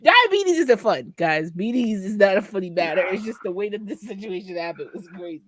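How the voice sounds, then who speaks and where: A young woman talks into a close, dry mic, her pitch swinging widely as she tells a story. She is blunt and profane and acts out both sides of the exchange. The sound is casual podcast chat. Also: fairly quick, no room sound. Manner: animated, profane, laughing storyteller. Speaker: podcast co-host.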